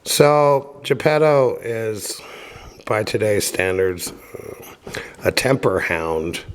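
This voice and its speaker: A man casually reading a children's book aloud and adding offhand, wry comments, with filler pauses. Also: fairly low pitch, expressive, clear, resonant tone. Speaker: reader and commentator.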